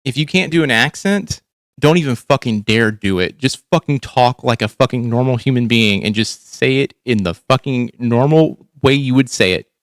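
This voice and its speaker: A man's voice: mid-range voice, normal speed, dry recording, studio quality. A man hosting a casual reaction livestream, talking bluntly and profanely with lots of restarts. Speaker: livestream host.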